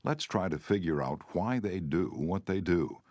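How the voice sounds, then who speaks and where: A man reading a self-help audiobook aloud in a measured, earnest way, turning tender and remorseful in the quoted letter. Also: low-pitched, lively intonation, darkish tone, no room sound. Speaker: audiobook narrator. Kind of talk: scripted audiobook narration.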